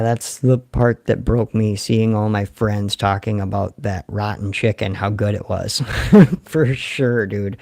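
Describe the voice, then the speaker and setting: A man's voice: fairly low pitch, creaky, dark tone. Joking man on a casual livestream. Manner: rambling, joking, reads chat comments aloud. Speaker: livestream host.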